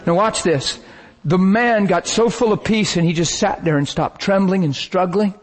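A man preaching, telling a story in an animated, dramatic way that breaks at times into shouts and laughter. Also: sits high, moderate pace. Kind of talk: sermon storytelling.

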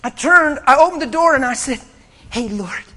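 Preacher, male, high bright voice, animated storyteller. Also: moderate pace. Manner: animated storytelling, bursts into shouting and laughter. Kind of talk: sermon.

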